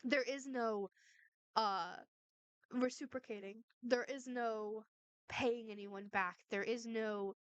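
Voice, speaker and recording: A woman vents in an angry, profane commentary vlog, and her sarcasm cuts through every line. Her voice sits a little high and sounds smooth and clear. The recording is dry and close, with no room sound. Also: fairly even intonation, slow, no room sound. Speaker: vlogger responding to a harasser.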